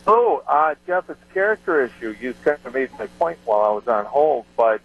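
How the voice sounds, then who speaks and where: This is a man calling in to a talk radio show. His voice comes across as husky, and the line sounds dull and muffled. He presses his point insistently, pausing and adding fillers as he goes. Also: medium pitch, expressive. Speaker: caller. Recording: muffled caller audio.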